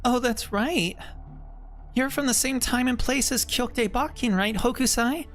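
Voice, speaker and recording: A man voicing a polite, eager young woman in a game read-along, pitching his voice way up. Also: a little slow, a bit bright, soft background music.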